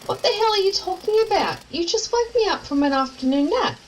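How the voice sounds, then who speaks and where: A woman's voice: extremely high pitch, a little hiss or hum, low-quality recording. An actress with an Australian accent playing a spirited, blunt young woman in an audio drama. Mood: alarmed, indignant. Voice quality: brisk, bossy, lively. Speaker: companion character in an audio drama.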